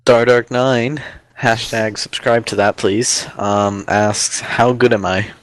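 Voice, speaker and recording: A man's voice: mid-range voice, steady tone, slow, no room sound. Teasing young man reading questions. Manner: teasing, dry, reads questions aloud. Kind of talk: casual voice-chat Q&A.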